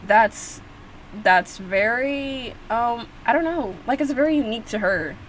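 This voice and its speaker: A woman's voice: on the high side, expressive, measured pace, slight background noise, poor audio. A young woman hosting a reaction video, talking casually and rambling with lots of fillers and restarts. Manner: chatty, rambling, frequent fillers and restarts, laughs often.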